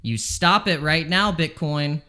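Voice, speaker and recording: A man's voice: a little high, unhurried, pushed and bright. A man streaming his crypto trades live from home, talking anxiously and pleading over and over with the market. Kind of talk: live trading stream commentary.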